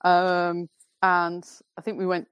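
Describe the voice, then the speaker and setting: A woman with a Northern English accent chats on a podcast as a guest, telling her story in a relaxed, rambling way. Her voice sits a little low, recorded close and dry. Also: slow pace, clear, resonant tone, no room sound, dull audio. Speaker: podcast guest, football fan. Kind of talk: casual podcast chat.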